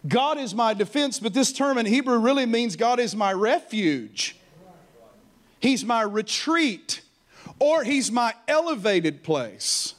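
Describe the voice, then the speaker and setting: A male pastor preaching with a high, light voice. He leads the congregation in call-and-response and is animated throughout. He breaks into playful mocking stammers to drive home a point. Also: takes it slowly. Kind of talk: sermon.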